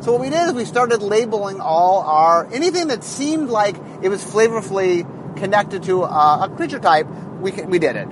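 A man's voice: high-pitched, lively intonation, normal speed, noisy background. A man, a head designer, talking in a rambling casual monologue with many fillers and restarts, recorded in a car.

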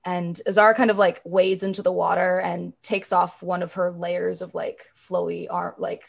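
A woman describes her character's moves at a tabletop game. Her voice sits low with a gravelly fry. She speaks casually and plainly. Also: little pitch movement, normal speed, dull audio. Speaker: player.

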